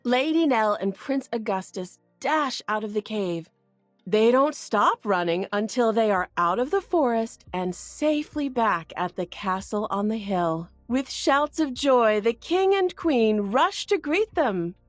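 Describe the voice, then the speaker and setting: A woman reading a children's picture book aloud in an expressive way. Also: dry recording, faint music behind. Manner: expressive and slow, very lively pitch. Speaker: read-aloud narrator.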